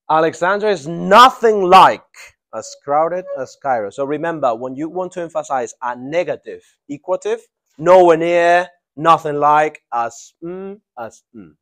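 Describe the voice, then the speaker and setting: Man teaching an English grammar class. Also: on the high side. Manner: drawn-out emphatic prompting of students.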